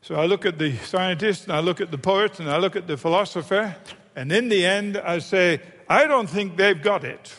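A man's voice: high-pitched, brisk, fairly bright tone. A man preaching a sermon, emphatic and fond of repeating phrases for effect. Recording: long hall reverb.

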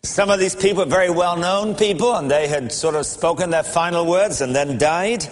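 A man's voice: a little high, normal speed, long reverb tail, slight background noise. A male preacher delivering a sermon in a storytelling manner, with wry chuckles.

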